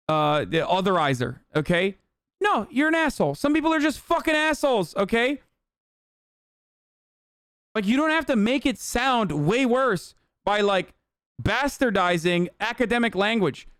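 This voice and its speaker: A man's voice: high voice, expressive, measured pace, a bit bright, clear, resonant tone, dry recording. A young man streamer ranting heatedly and profanely in live-stream commentary, reading posts and mocking them.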